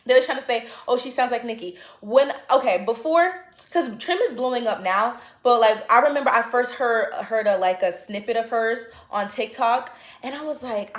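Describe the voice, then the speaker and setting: A woman's voice: fairly high pitch, brisk, hardly any pauses. Chatty opinionated woman in echoey room. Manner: chatty, opinionated, many fillers and restarts. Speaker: vlogger. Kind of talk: casual opinion chat to camera.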